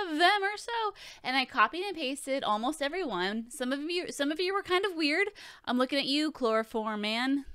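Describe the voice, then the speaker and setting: A woman's voice: on the high side, fairly bright tone, clear, resonant tone, no room sound, studio quality. A woman in her thirties hosting a casual question-and-answer vlog, talking in a profane, joking, chatty way. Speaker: video host answering viewer questions.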